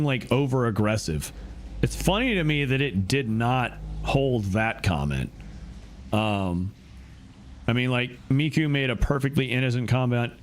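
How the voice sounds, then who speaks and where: A man's voice: lowish voice, slight background noise. A young man streaming a horror game, chatting casually and rambling with restarts. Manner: rambling, many fillers and restarts. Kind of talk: casual gaming commentary.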